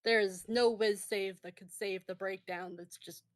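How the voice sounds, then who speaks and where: A woman's voice: medium pitch, fairly even intonation, normal speed. A woman narrating a tabletop game as game master, rambling with many fillers. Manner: rambling, filler-heavy, laughing.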